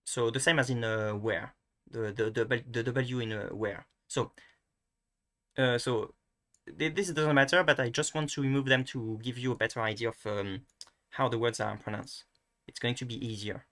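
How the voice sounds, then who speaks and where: A man with a French accent talks through a pronunciation lesson at a middle pitch. He is a French native speaker who thinks aloud, trips over his words and fills pauses as he goes. The delivery is casual and unhurried. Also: steady tone, fairly bright tone. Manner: hesitant, many restarts and fillers, thinking aloud. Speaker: language tutor. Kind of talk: casual screen-recorded lesson.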